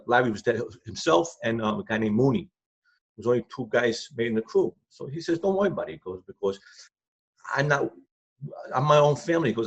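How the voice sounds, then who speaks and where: A man's voice: medium pitch, creaky, slightly rough. An older man telling casual, rambling anecdotes in blunt street grammar as an interview guest. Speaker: former crime crew associate, guest. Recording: dull lo-fi sound.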